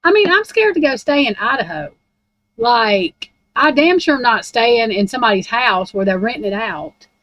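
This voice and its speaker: A woman's voice: a little high, animated, moderate pace, a bit bright, no echo, low-quality recording. A woman in a casual, rambling rant about true crime, blunt and heavy on profanity.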